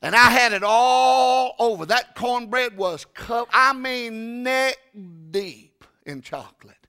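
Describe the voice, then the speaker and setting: Animated high-voiced preacher. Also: male voice, slow pace, clean tone. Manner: animated, stammering restarts, sudden loud bursts. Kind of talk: sermon with storytelling.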